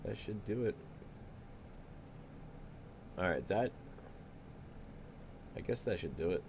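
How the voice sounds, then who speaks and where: A man's voice: deep voice, animated, takes it slowly, darkish tone, muffled recording, slight background noise. A man streaming a flight simulator, chatting casually and joking with his viewers as he sets up the flight. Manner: laid-back, joking, thinking aloud. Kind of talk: casual live-stream chat.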